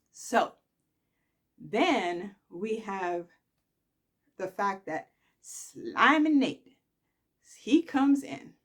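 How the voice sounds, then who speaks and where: Brief: woman recap host, casual and sassy, expressive, slow-paced delivery. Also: fairly high pitch. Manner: chatty, sassy, animated storytelling. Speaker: soap opera recap host.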